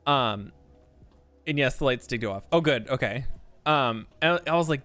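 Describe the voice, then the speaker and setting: Lively, chatty male streamer. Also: mid-range voice, normal speed, faint music behind. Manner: chatty storyteller, many fillers and frequent laughs. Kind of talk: casual chat while playing a game.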